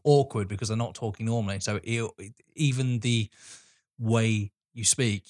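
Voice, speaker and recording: A man co-hosting a casual chat, musing in a relaxed way. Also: on the low side, moderate pace. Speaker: podcast co-host.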